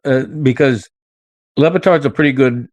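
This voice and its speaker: A man's voice: medium pitch, normal speed, a little mellow, no echo, highs cut off. An older man hosting a podcast in casual chat, talking in an indignant way that he soon laughs off. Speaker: podcast host.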